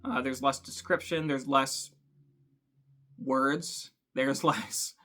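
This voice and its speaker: A man hosting a book channel, talking thoughtfully to camera with frequent ums and pauses. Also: medium pitch, fairly even intonation, bright, forceful tone. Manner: thoughtful, hesitant, many ums. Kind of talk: casual talk to camera.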